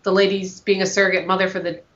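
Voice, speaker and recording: A woman with a mid-range voice co-hosts a podcast, speaking haltingly and correcting herself as she goes. The lo-fi recording muffles her voice. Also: mid-range voice, flat delivery, a bit bright. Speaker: podcast co-host. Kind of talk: casual chat. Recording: dull lo-fi podcast audio.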